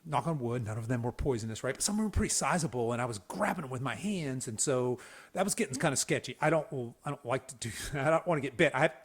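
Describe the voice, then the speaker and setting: A man in his fifties from the Southeastern US hosts a podcast, telling a story in a casual, folksy, animated way with lots of restarts and laughs. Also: medium pitch, fast talker, husky. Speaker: podcast host.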